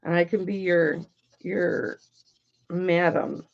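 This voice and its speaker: A woman's voice: fairly low pitch, level tone, takes it slowly, creaky, muffled recording. A woman hosting an online jewelry auction, chatting casually and cracking bawdy jokes while she works. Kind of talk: casual livestream selling chat.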